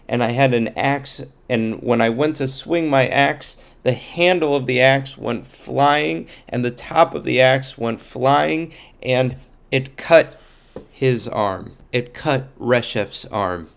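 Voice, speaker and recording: A man's voice: mid-range voice, takes it slowly, vocal fry, smooth, voice pushed up. A man voicing a timid, apologetic male craftsman who stammers nervously.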